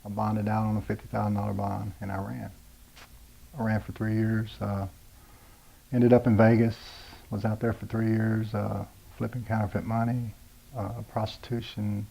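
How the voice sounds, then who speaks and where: A man's voice: lowish voice, little pitch movement, moderate pace, gravelly, warm tone, slightly rough, rough recording. A man in his forties, plain-spoken and blunt, telling his own story of recovery in a personal testimony with many "uh"s and "you know"s. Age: 40s. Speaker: rehab program graduate telling his story.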